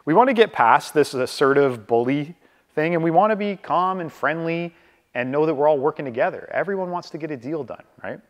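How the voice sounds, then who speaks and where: With a slightly high voice and a long reverb tail behind him, a Canadian man gives a live real estate training by video call. He talks conversationally, often asks "right?", and slows down on purpose to model a calm manner.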